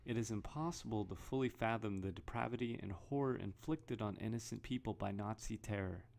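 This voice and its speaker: Gravelly, low-voiced man vlogging. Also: brisk, darkish tone. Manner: rambling, restarts, reads headlines aloud. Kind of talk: casual commentary.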